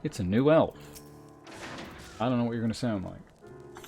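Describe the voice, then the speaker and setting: A young man streaming a game, musing in casual, relaxed commentary. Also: mid-range voice, moderate pace, vocal fry. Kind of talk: casual let's-play commentary. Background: faint game music.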